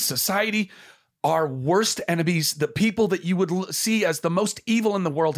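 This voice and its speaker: Brief: man, higher-pitched voice, podcast guest, passionate and heartfelt, often rephrases mid-thought. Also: husky. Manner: earnest and impassioned, restarting phrases as he searches for words. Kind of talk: candid conversation.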